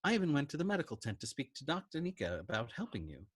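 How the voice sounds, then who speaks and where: A man voicing a gentle male army chaplain who speaks softly and earnestly. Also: fairly high pitch, huge pitch swings, quick pace, slightly rough, pitched above the performer's own voice, full character voice. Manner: soft, earnest.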